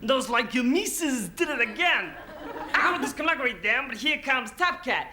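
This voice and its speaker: A man's voice: very high-pitched, big pitch swings, normal speed, full character voice. A young man impersonating a laid-back beatnik cartoon cat who drawls, full of likes and you-knows. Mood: lazy. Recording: loud live studio audience noise.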